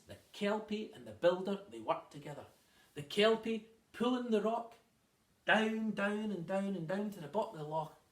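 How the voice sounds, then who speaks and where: Storyteller man with dramatic pauses. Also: high-pitched. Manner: lively, with dramatic pauses and repeated words. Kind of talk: children's storytelling. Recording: roomy, distant mic.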